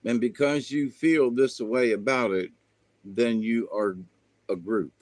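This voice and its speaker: Slow, folksy man rambling about spirit. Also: medium pitch, steady tone, darkish tone, dry recording. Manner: slow, meandering, folksy with fillers. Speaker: spiritual channel host.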